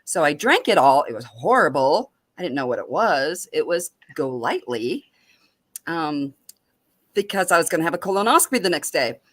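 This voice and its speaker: A woman on an open mic show, telling a personal story in a lively, animated way and often laughing. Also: low voice, normal speed, no echo.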